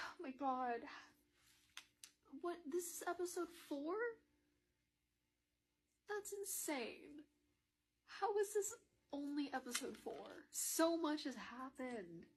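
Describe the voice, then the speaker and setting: A woman giving casual reaction commentary on a TV show, excitable, laughing often and swearing freely. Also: high-pitched, takes it slowly, pauses often, a little hiss or hum.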